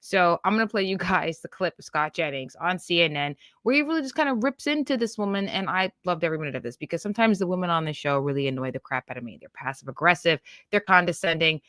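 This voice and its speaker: A woman with a fairly low voice hosts a political commentary show and reacts to a clip she plays. She talks bluntly and with open scorn. Her voice is recorded close and dry, with no room sound. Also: expressive, fast talker, hardly any pauses, a bit bright, no room sound.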